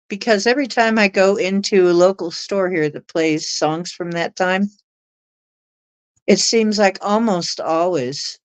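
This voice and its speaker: A middle-aged woman telling a personal story in a chatty, animated way. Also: on the low side, a little slow, clean tone, rough recording. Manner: chatty, animated retelling with laughs and acted quotes. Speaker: astrology show guest. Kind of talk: casual storytelling.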